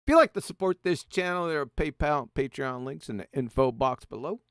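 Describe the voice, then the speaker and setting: A man's voice: a little high, expressive, fairly quick, fairly bright tone, clear, resonant tone, no room sound, clean studio sound. A man hosting a casual online panel show, brash and mocking, swearing freely. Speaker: host.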